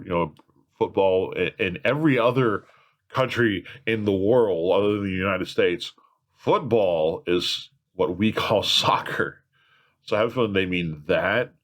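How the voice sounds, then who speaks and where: Rambling low-voiced man chatting. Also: fairly bright tone. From California. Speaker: host. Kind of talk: casual chat.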